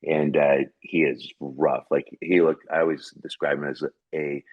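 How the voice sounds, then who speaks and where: An earnest man recounts a family memory as a podcast guest, rambling and full of fillers. His voice sits extremely low and comes out husky and breathy. The recording is dry and close. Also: little pitch movement, a little slow, no echo, highs cut off. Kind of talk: personal storytelling in conversation.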